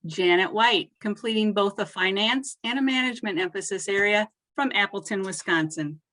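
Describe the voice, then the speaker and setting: A woman reads graduate names at a virtual ceremony in a formal, measured voice. Each name rises a little, and each line settles down at its close. Her pitch sits in an ordinary middle range. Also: fairly bright tone. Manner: measured, lifts each name then drops at the end. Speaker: presenter reading graduate names.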